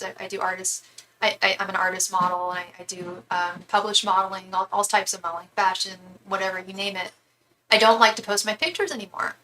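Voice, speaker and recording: A woman's voice: medium pitch, sharp tone, a little hiss or hum, low-quality recording. A young woman doing a live tarot reading, chatty and candid, swearing freely and restarting her sentences often. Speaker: tarot reader.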